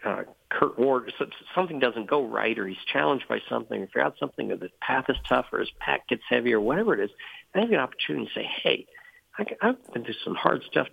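A man with a low, gravelly, slightly husky voice tells heartfelt stories as an interview guest. He lifts his pitch to voice the people he quotes. The sound is dry and thin, like a phone call. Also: expressive, racing, dry recording. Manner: earnest, acts out quoted dialogue with rising pitch. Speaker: CEO of a boys' outdoor ministry, guest. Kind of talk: earnest interview storytelling.

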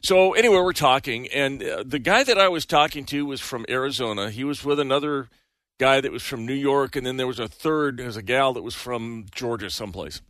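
A man on a talk show, telling a rambling story with a bright, forceful voice and little chuckles. The sound is close and dry, with almost no room around it. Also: medium pitch, a little fast, dry recording. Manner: chuckling, rambling anecdote with restarts. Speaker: show co-host. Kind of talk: casual chat, storytelling.

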